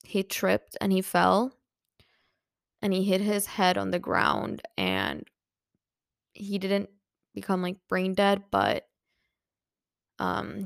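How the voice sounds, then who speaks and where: A woman's voice: medium pitch, gravelly, clean tone, no echo, studio quality. A young woman hosting a podcast and telling a personal, emotional story, using lots of filler words. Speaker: podcast host.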